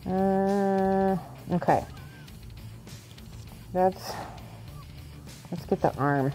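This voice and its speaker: A woman with a fairly low voice rambles casually and giggles often as she paints miniatures for her viewers. She speaks at an unhurried, slow pace and goes soft when she concentrates. Faint music plays behind her. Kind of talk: casual chat while painting.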